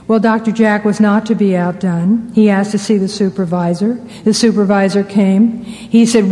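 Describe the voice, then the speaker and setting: Woman, Christian speaker, anecdotal sermon, warm tone, long hall reverb. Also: medium pitch, fairly even intonation, normal speed. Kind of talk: storytelling sermon talk.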